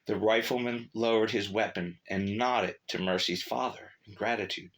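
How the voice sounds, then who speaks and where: Man, storyteller, deep voice, bright tone, measured story narration. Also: steady tone.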